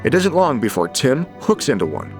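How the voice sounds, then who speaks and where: A man, the host of a fishing show, reading a steady, matter-of-fact scripted voice-over. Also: medium pitch, moderate pace. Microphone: studio voice-over. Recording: narration over loud music.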